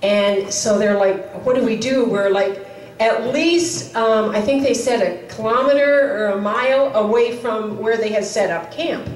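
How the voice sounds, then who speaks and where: Heard from far off in a reverberant chapel hall, a woman with a fairly high, slightly slow voice retells a story for the service. Her sermon storytelling feels conversational, with quoted lines voiced out and filler words scattered throughout.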